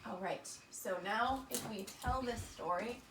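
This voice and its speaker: A woman's voice: on the high side, measured pace. A woman teaching a small-group lesson to children, upbeat and encouraging, calling them friends. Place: indoor room with children nearby. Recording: roomy, distant, noisy.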